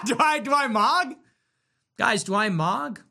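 A man's voice: very high voice, slow pace, vocal fry. A man hosting a livestream, chatting casually and reacting to donations in a sarcastic, provocative, joking way. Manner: animated, sarcastic, provocative, jokey. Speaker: livestream host reading donations.

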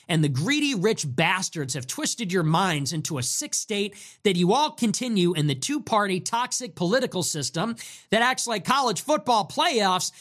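A man's voice: high voice, a bit bright. A man giving ranting political commentary, sarcastic, profane and mocking.

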